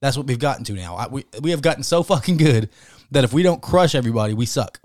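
A man co-hosting a casual sports podcast, talking in a profane, emphatic and animated way. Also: mid-range voice, fast talker, no echo, clean studio sound. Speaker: podcast co-host.

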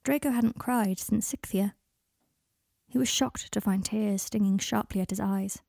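Audiobook narrator: woman, half-whispered and husky, dry close recording. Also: medium pitch, unhurried, mellow, dry recording. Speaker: story reader.

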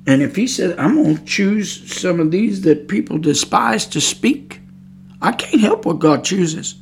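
A woman's voice: on the low side, expressive, a little slow. A woman preaching on a podcast, emphatic and scolding, repeating her points. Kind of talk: preaching monologue.

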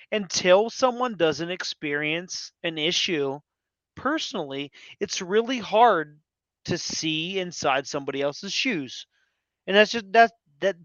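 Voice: mid-range voice, a bit bright, no room sound. A co-host in a casual live audio chat, talking bluntly and animatedly with some swearing. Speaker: podcast co-host. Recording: dry, dull lo-fi online audio.

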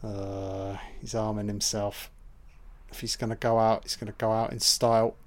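A man's voice: lowish voice, flat delivery, normal speed, darkish tone. A man giving a casual, crude running commentary on a film, swearing and reacting aloud.

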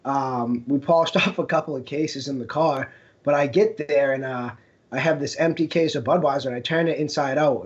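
A young man co-hosting a podcast, telling stories in casual chat with a laugh in his voice. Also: medium pitch. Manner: storytelling, laughs while talking. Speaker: podcast co-host. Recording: dull lo-fi podcast audio.

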